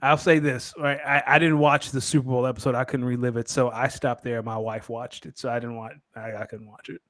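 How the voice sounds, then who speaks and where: A man's voice: mid-range voice, level tone, fairly quick, a bit bright. A man co-hosting a casual sports podcast, talking in a laid-back, teasing way. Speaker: podcast co-host.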